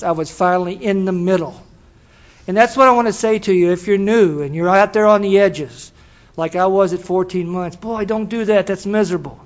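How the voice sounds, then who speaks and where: An older man telling his story to a recovery meeting in a folksy, storytelling way, laughing now and then. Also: high voice. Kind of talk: personal testimony. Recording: dull lo-fi recording.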